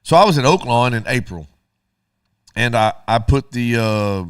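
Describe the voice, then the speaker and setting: A man's voice: mid-range voice, animated, normal speed, clear, resonant tone, no room sound, clean studio sound. A middle-aged man, co-hosting a radio show and telling a story casually while acting out both sides of the dialogue.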